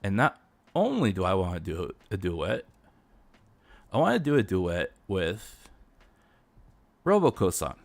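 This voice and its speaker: Stammering, animated male streamer. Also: sits low, unhurried, pauses often. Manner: stammering, repeats words, animated; drops to a whisper for acted bits. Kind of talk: live stream commentary.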